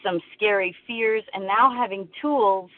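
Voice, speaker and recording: A woman in her fifties sharing at a recovery meeting, earnest and a little halting. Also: medium pitch, no room sound. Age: 50s. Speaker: meeting share. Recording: phone line.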